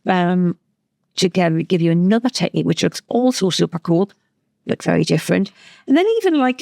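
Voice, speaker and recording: Craft teacher lady, bubbly and chatty, a little creaky, dry close sound. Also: lowish voice, a little mellow, dry recording. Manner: chatty, enthusiastic, with frequent restarts. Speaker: craft educator. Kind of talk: craft technique tutorial.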